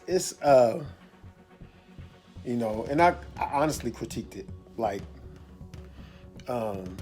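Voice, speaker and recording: A man's voice: medium pitch, mellow. A man giving a casual video review of a movie, rambling, repeating himself and restarting his sentences.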